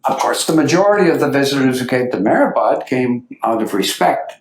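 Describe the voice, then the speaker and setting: A man's voice: medium pitch, fairly quick. A man giving a lecture to an audience, telling anecdotes and acting out the quotes. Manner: lively anecdotal storytelling with acted quotes. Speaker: speaker giving a talk. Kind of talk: storytelling lecture. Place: meeting hall. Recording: echoey hall.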